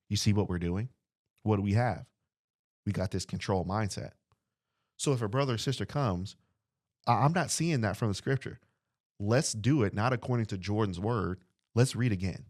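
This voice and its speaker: Earnest low-voiced man preaching. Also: moderate pace, a little mellow, no room sound, clean studio sound. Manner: earnest, repeats phrases, asks the listeners questions; acts out short dialogues. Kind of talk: podcast sermon teaching.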